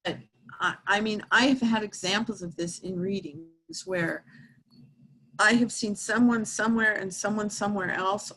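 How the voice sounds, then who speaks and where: A middle-aged woman, a medium, telling a heartfelt story and reassuring a support group in an earnest, gentle way. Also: mid-range voice, a little hiss or hum, rough recording.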